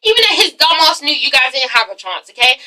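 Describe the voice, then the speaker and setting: A woman's voice: sits high, quick pace, far from the mic, low-quality recording. A woman casually recapping a TV episode, gossipy and profane, checking in with "okay?" as she talks. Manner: gossipy, animated, swears freely, often asks "okay?". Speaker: TV episode reviewer. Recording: voice set back from the mic.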